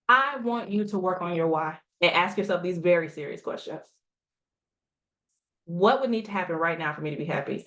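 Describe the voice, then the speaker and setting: A woman's voice: fairly low pitch, a bit bright. A woman coaching a group, speaking emphatically, asking rhetorical questions and repeating lines for effect. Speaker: health coach. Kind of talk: motivational coaching talk.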